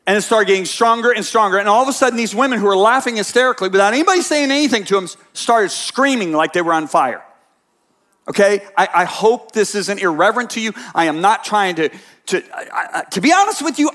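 A man preaching a sermon, telling a story quietly and then breaking into loud, passionate bursts. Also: sits high. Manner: swings from hushed storytelling to shouted passionate bursts.

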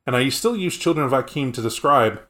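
A man's voice: medium pitch, animated, brisk, fairly bright tone. A man co-hosting a casual podcast, explaining tabletop game lore in a rambling, conversational way. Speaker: podcast co-host.

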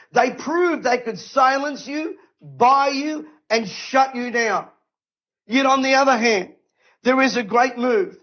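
A man's voice: very high-pitched, dull audio. A man preaching an impassioned sermon, emphatic and fiery, firing off repeated rhetorical questions. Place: event stage.

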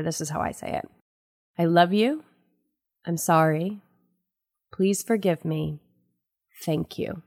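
Lower-voiced woman hosting a spiritual podcast. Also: no echo, studio quality. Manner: earnest, storytelling, animated quoting. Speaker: podcast host. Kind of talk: spiritual self-help podcast talk.

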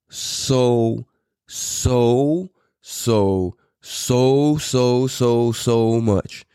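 A man's voice: mid-range voice, drawn-out words, warm tone, smooth, dry recording, studio quality. A man in his thirties from California, a podcast host telling a story in a loose, profane, rambling way with frequent laughs. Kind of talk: casual storytelling.

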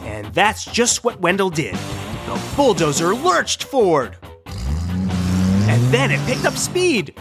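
A woman narrating a children's storybook in an expressive, animated read-aloud manner. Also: fairly low pitch, slow, loud music behind the voice.

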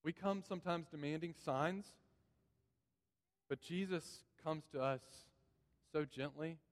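The sermon comes at a measured pace from a pastor with a fairly high voice, who earnestly repeats key phrases to drive them home. Long church-hall reverb fills the sanctuary recording.

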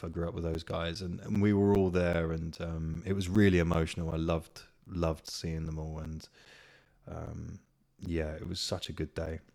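A man's voice: deep voice, a little mellow. A young man hosting a casual solo podcast, chatty and rambling, swearing freely. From Kent, England. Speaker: podcast host. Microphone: podcast microphone.

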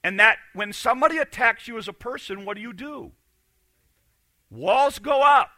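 A man preaching a sermon as pastor, swinging between loud emphatic lines and quiet, confiding asides. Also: very high-pitched, fast, dry recording.

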